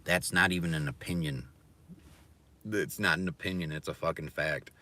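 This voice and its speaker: A man's voice: rumbling low, fairly even intonation, normal speed, sharp tone. A man hosting a livestream, talking in a blunt, profane, ranting way. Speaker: livestream host. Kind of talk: casual livestream rant.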